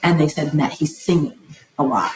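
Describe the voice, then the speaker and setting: A woman in her fifties with a lower-pitched voice tells stories in a lively interview chat. She slips into the voices of the people she quotes. Her voice carries a noticeable room echo. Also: normal speed, a little hiss or hum. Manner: animated storyteller, often acting out quoted dialogue. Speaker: guest. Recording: roomy echo.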